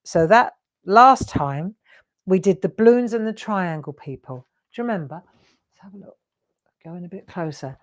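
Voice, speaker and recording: A woman's voice: on the low side, animated, normal speed. A woman hosting a live craft demonstration, chatting and teasing her viewers with frequent laughs. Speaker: craft show host.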